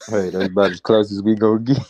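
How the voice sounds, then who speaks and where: A man's voice: fairly low pitch, fairly even intonation, fast talker, darkish tone, lo-fi sound. A man co-hosting a casual comedic chat, wry and incredulous, swearing freely. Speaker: co-host. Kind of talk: casual comedic reaction talk.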